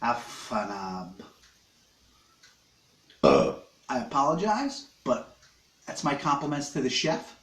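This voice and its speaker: A man rambles through a loose, joking live stream from his living room, chewing on snacks between crude wisecracks to his viewers. His voice sits at an ordinary middle pitch, and the sound bounces around an echoey room. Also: wildly swooping pitch, slow pace, pauses often, fairly bright tone. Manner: joking, crude, eating while he talks. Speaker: livestream host. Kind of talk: rambling casual live chat.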